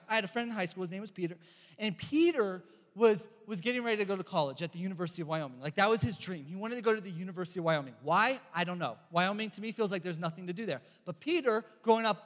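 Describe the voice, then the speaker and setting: A young man giving a casual youth sermon, chatty and animated, telling stories and reading scripture. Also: sits high. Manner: animated, chatty, lots of "like" and "bro". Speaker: youth pastor. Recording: echoey hall reverb.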